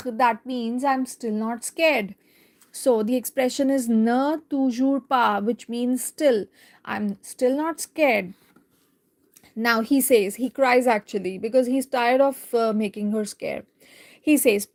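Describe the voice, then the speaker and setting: Woman, French teacher, slow deliberate delivery, fairly high pitch, explains each phrase. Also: darkish tone. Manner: slow, careful explaining, translating line by line. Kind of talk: live online language lesson, reading a picture book aloud.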